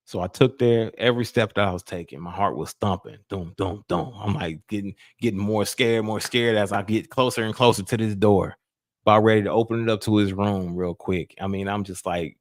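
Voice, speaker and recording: A man tells a story in a loose, colloquial way, acting out the voices of the people in it. His voice sits low. It is recorded close and dry, with no room sound. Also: normal speed, no room sound. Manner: animated, colloquial, acts out voices in quotes. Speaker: podcast host. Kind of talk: casual storytelling.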